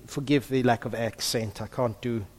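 A man in the role of pastor, praying softly and then preaching with emphasis. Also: mid-range voice, moderate pace. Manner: hushed in prayer, then lively and emphatic preaching. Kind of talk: prayer and sermon. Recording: long reverb of a large hall.

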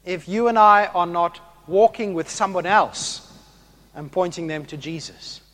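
Male preacher, high-pitched, animated sermon delivery that swings from loud to hushed. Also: a little slow.

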